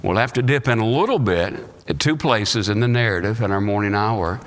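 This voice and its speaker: American pastor preaching in a reverberant church. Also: male voice, on the low side, a little fast. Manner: reads scripture aloud then preaches with rising emphasis. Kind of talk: Sunday school sermon. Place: church sanctuary. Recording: live church recording with long reverb.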